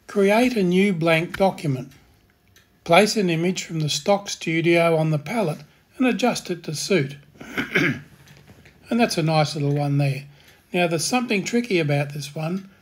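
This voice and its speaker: A man hosting a step-by-step software tutorial, giving calm, plain instructions in a voice-over. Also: on the high side, husky. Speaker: tutorial host.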